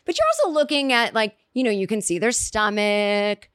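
A woman spins a comic story out loud, circling back on herself and piling on "like" and "you know". Her voice leaps up when she hits a punchline. The recording is close and dry, with no room sound. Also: moderate pace, smooth, dry recording. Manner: rambling, self-interrupting, lots of "like" and "you know"; animated, jumps in pitch for emphasis.

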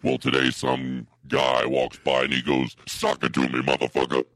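A man playing a smooth cool guy who rambles, his voice pushed very deep by an effect that sounds slightly robotic. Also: steady tone, fairly bright tone, no room sound, clean studio sound, full character voice. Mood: smug. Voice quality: very deep, gravelly. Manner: drawn-out, rambling storytelling. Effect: voice-lowering effect that sounds a bit robotic.

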